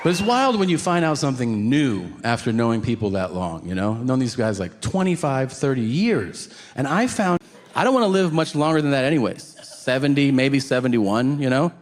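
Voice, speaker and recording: A man's voice: medium pitch, big pitch swings, moderate pace, long reverb tail, a faint crowd. A man doing a stand-up comedy set on stage, dry and profane, acting out quotes.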